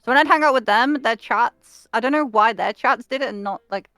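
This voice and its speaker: A woman's voice: on the high side, a little fast, fairly bright tone, dry recording, clean studio sound. A young woman with a Liverpool accent, chatting on a livestream and stopping often to restart. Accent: Liverpool English. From England, Liverpool. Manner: hesitant, many fillers and restarts. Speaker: streamer host. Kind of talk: casual chat on a livestream.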